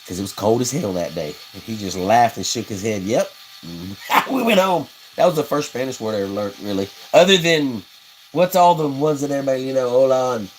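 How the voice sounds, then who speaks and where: A man's voice: fairly low pitch, a little hiss or hum, poor audio. A man who hosts a livestream while he builds custom fishing rods. He talks in a rambling, folksy way, reads viewer comments and laughs at his own stories. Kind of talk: casual livestream chat, reading comments.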